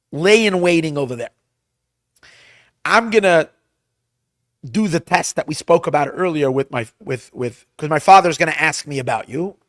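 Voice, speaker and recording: A man, a rabbi teaching a class, retelling a Bible story with Hebrew translations in an animated way, often restarting his phrases. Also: a little high, dry recording, clean studio sound. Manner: animated storyteller, acts out lines loudly; restarts and repeats words often.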